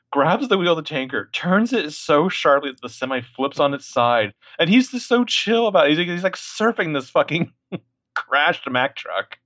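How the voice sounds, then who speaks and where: A man co-hosting a casual movie podcast, animated and profane, acting out scenes as he talks. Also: fairly high pitch, dry recording, lo-fi sound. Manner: animated, profane, acts out lines. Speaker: podcast co-host.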